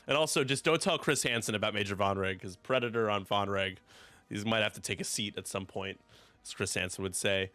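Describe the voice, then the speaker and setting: Bright-voiced joking male commentator. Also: fairly low pitch, a little fast, no echo, soft background music. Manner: joking, laughs often, rattles off upgrade lists. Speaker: game commentator. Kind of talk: casual game commentary.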